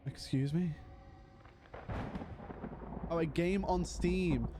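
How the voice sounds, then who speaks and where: A man's voice: fairly high pitch, drawn-out words, noisy background. A young British man chatting casually and a bit scatterbrained to his live-stream chat. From Britain.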